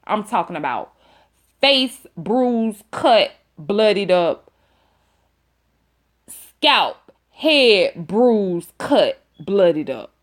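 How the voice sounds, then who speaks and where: A woman's voice: medium pitch, big pitch swings, extremely slow, long pauses. A woman telling a dramatic story to her viewers, emphatic and repeating lines for effect, with folksy exclamations. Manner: folksy terms of address, exclaims. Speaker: storytime vlogger.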